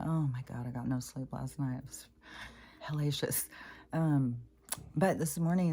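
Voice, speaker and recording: A low, warm-voiced middle-aged woman tells a personal spiritual story in a loose, rambling way. She swears casually and often jumps high in pitch to act out what others said. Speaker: spiritual vlogger.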